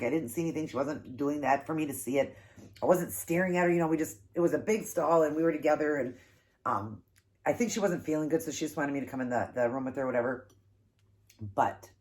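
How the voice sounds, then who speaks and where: A woman's voice: a bass voice, a little mellow. A woman hosting an eating show, casually telling an embarrassing story and laughing often.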